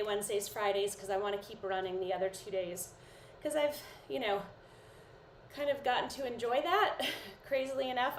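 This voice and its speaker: A woman in her thirties coaching a live-streamed workout, counting reps and cheering people on in a chatty, encouraging way while sounding a bit sleepy. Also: mid-range voice. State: sleepy, yawning. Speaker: fitness instructor. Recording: echoey room, voice far from mic, faint noise.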